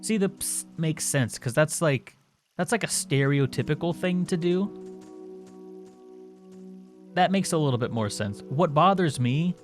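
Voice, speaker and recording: A man's voice: on the high side, animated, measured pace, pauses often, soft background music. A man doing casual live-stream commentary while playing, rambling and joking with his viewers and swearing now and then. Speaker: game streamer.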